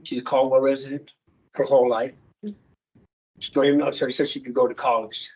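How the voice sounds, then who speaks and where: A man tells a heartfelt personal story at a meeting, halting and restarting as he goes. His voice sits at an ordinary pitch. The recording is dull and lo-fi. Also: flat delivery, a little mellow, slightly rough. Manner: halting, emotional, with many restarts. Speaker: guest speaker. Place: meeting room.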